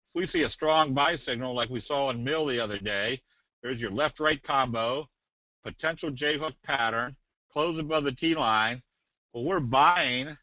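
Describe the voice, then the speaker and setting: A man presenting a trading webinar in a casual, folksy way, slipping in jokes and a sales pitch. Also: pushed and bright, no room sound. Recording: dull, dry webinar audio.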